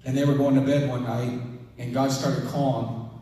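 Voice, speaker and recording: A man preaching a sermon, telling a scripture story in a lively way and acting out the quotes. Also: medium pitch, normal speed. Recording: echoey hall from far off.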